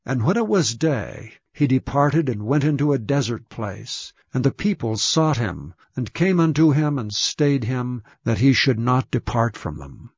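A man giving a measured, solemn scripture reading. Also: mid-range voice, big pitch swings, slightly rough, no room sound. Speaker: scripture reader. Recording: dull, dry lo-fi recording.

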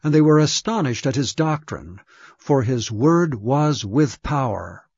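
A man giving a measured, solemn scripture reading. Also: medium pitch, lively intonation, creaky, darkish tone, breathy edge, no room sound. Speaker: scripture reader. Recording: dull, dry lo-fi recording.

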